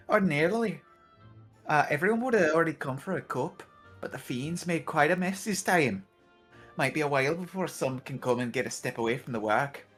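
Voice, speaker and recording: A woman voicing a cheerful, helpful young male townsman in a Scouse accent, reading game dialogue. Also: sits low. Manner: chatty and polite, bursts of hearty exclamation. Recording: background music under the voice.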